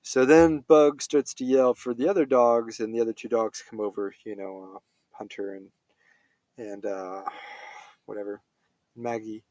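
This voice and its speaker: A man's voice: lowish voice, fairly even intonation, measured pace, darkish tone, dry recording. A man giving a casual spoken film review, rambling with many fillers and self-corrections.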